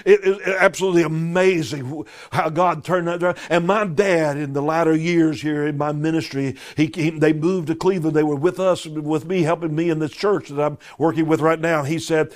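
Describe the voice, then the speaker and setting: A middle-aged man preaching a sermon as a pastor, swinging from loud cries to hushed whispers and often repeating words as he starts a sentence. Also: fairly high pitch, fairly even intonation, normal speed, hardly any pauses.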